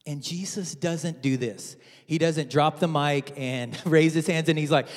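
A man's voice: on the high side, moderate pace. A man preaching a sermon in a church, telling a story playfully with many repeats. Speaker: pastor. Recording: hall with long reverb.

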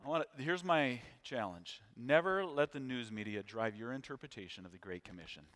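Middle-aged American preacher in a reverberant hall. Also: male voice, mid-range voice, brisk, a little hiss or hum. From United States. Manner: conversational, animated storyteller who asks the congregation questions. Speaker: visiting missions preacher. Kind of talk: sermon with storytelling. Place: church sanctuary. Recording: long reverb of a large church hall.

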